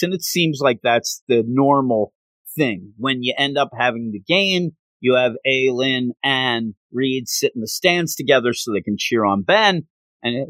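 A man casually retelling a story in an animated way with joking asides. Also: medium pitch, normal speed, no room sound.

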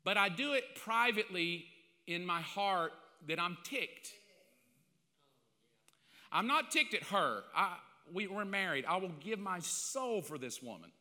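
An older male pastor preaches with a high, piercing, forceful voice. He tells a story on himself, self-mocking and confessional, dropping to near-whispers and then rising again. The sound rings with the long echo of a large hall. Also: expressive, unhurried. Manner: confessional, self-mocking, swings between loud and hushed. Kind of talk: storytelling sermon.

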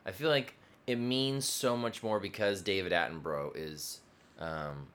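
A young adult man in casual conversation, relaxed and agreeable, often trailing off. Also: deep voice, a little slow, clear, resonant tone. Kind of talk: casual chat.

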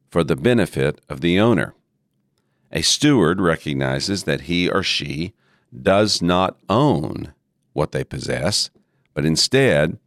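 A man hosting a ministry leadership podcast, speaking with a deep, gravelly voice from allergies in a measured teaching style that slows down to stress key phrases. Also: dry recording, studio quality. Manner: measured, emphatic, repeats key phrases slowly. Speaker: podcast host and seminary president.

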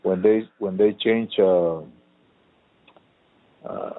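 A man's voice: low voice, fairly even intonation, extremely slow, dry recording. A man co-hosting a casual chat, a rambling and profane storyteller. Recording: phone-like lo-fi line.

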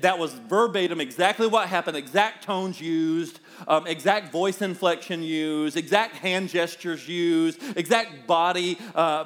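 Animated Southern preacher man. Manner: animated preaching with wide swings in pitch and loudness. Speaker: pastor. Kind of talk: sermon.

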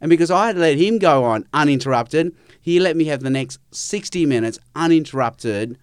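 A man telling stories in conversation, acting out quoted dialogue in a soft, slow voice. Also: a little high, expressive, smooth, no room sound. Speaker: guest speaker on evangelism. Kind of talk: conversational storytelling.

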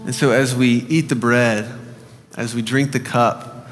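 A male pastor leading a slow, gentle guided meditation in a sermon. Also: medium pitch, steady tone. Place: church sanctuary. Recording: church hall reverb with soft guitar.

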